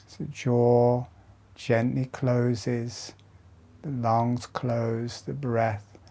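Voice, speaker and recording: Very slow, dark-voiced male meditation guide. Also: medium pitch. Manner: slow, calm, soft instructions with long pauses. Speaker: breathwork teacher.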